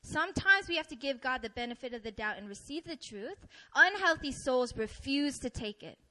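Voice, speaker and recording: A young adult woman giving a sermon, telling stories and acting out her own complaints in an animated way. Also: high-pitched, normal speed, low-quality recording. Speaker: preacher.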